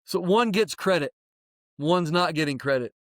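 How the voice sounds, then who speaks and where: High-voiced animated man giving advice. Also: normal speed, no echo, clean studio sound. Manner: plain-spoken, mild swearing. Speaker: podcast co-host. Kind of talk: casual chat.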